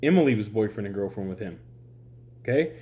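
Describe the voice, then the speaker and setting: A man's voice: on the low side, expressive, fairly quick, warm tone. An exhausted, sleep-deprived man ranting in a rambling, exasperated way to his viewers, swearing often. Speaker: online commentator. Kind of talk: heated vlog rant.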